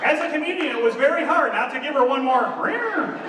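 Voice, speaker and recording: A man doing a stand-up comedy set, chatty and animated, who keeps asking the audience questions. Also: very high-pitched, quick pace, very noisy. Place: large room on stage before an audience. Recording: roomy hall, distant mic, audience.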